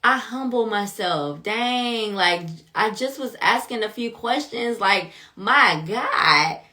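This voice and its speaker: A woman doing a humbled man who backs down sheepishly. He pleads slowly and draws out his words. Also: a little high, lively intonation, sharp tone, heavily acted.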